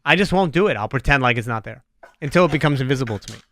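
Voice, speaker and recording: A man hosting a podcast, rambling through jokey, animated tangents in casual chat. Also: mid-range voice, racing. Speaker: podcast host.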